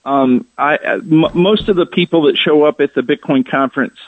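A man calling in as a guest, speaking in a hesitant, halting way with many fillers. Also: a little high, no room sound. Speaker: guest, conference organizer. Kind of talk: radio call-in interview. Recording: tinny phone line.

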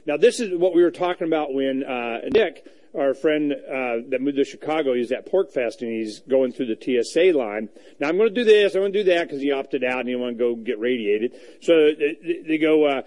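Fairly quick and darkish in tone, this mid-range male voice belongs to an American radio host doing a casual monologue while traveling. He tells meandering stories and keeps restarting and using fillers.

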